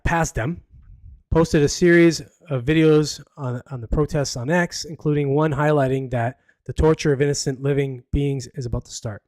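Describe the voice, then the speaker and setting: A fairly high-pitched man hosting a casual live podcast, reading out news stories and breaking off into sarcastic, rambling asides. The sound is close and dry, with no room around it. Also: a little mellow, no echo. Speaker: podcast host.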